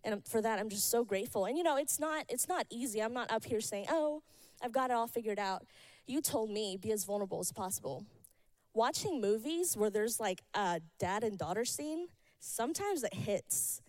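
A woman's voice: fairly high pitch, expressive, moderate pace, a little mellow, no room sound, rough recording. Earnest woman sharing a testimony. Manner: earnest, emotional, encouraging. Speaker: church member giving testimony. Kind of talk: heartfelt personal testimony.

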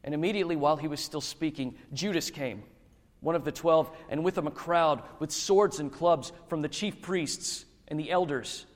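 A man gives a measured, dramatic scripture reading at a slow, deliberate pace. His voice sits fairly high for a man and carries a long reverb, as if spoken in a large hall.

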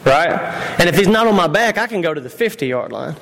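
A man's voice: fairly high pitch, lively intonation, brisk, creaky, a bit bright. A man preaching a conversational sermon, repeating himself and putting questions to his congregation. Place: church hall. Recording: long reverb of a church hall.

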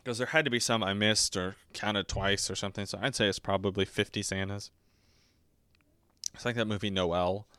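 Rambling young man with a clear, dry voice. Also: sharp tone, no room sound. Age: 20s. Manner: rambling and self-mocking, often breaks into squeaky high put-on voices. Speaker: podcast host reviewing a movie. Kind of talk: casual rambling commentary.

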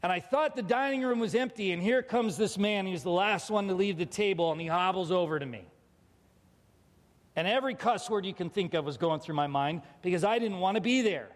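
A man, a pastor, telling a personal faith story with animated feeling, acting out the people in it. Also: sits high, fairly quick, long reverb tail. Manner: emotional, animated, quotes people in dialogue. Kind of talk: storytelling testimony.

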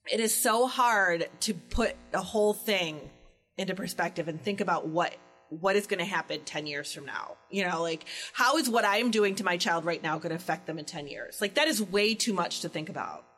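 A woman's voice: on the low side, normal speed, faint music behind. A woman in her forties chatting casually, telling a parenting story and acting out the quotes. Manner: animated storyteller, acts out quotes. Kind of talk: casual chat.

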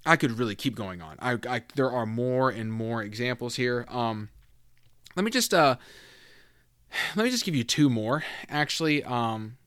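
A man teaches scripture in a relaxed podcast voice of average pitch. He reads passages aloud and chats between them, pausing and restarting. The recording is dry and close to the mic. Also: clear, resonant tone, dry recording. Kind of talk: casual Bible teaching podcast.

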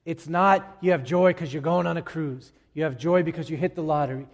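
Animated pastor preaching in a reverberant hall. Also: male voice, a little high, a little fast, lo-fi sound. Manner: animated, joking, swings from loud shouts to quiet asides. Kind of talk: sermon. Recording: long reverb of a large hall.

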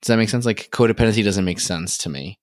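A man co-hosting a podcast in casual chat, rambling and joking with quick restarts. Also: fairly low pitch, dry recording, clean studio sound. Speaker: podcast co-host.

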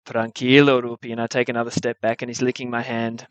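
A young man telling a true adventure story at a live story slam, wry and animated, with comic timing. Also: mid-range voice, quick pace, no echo.

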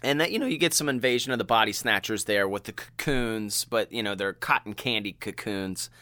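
A man co-hosting a casual movie chat, animated and quick to act out quotes. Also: dry recording. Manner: animated, laughing, acts out quotes in a high voice. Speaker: podcast co-host.

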